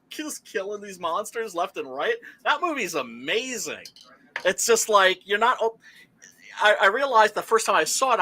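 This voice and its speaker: A man talking loosely in a casual chat, full of fillers, swearing and bursts of laughter. His voice sits a little high and rings very bright and forceful. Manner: animated, profane, laughing storyteller with many fillers. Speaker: podcast host. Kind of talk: casual chat about horror movies.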